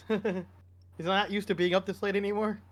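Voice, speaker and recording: A man's voice: sits high, level tone, measured pace. A man co-hosting a casual sports podcast, rambling and opinionated with frequent restarts. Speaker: podcast co-host.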